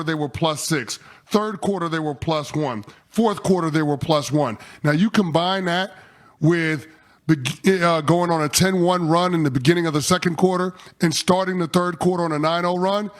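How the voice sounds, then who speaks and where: A middle-aged man on a sports talk show, laying out his analysis point by point in a measured way. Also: high-pitched. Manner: measured, walks through stats point by point.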